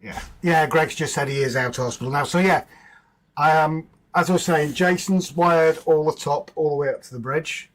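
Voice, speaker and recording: Broadcasting a casual livestream from home, a man with a slightly high voice talks at a normal pace, chatting loosely with viewers in the chat and joking around with his partner. The recording quality is low.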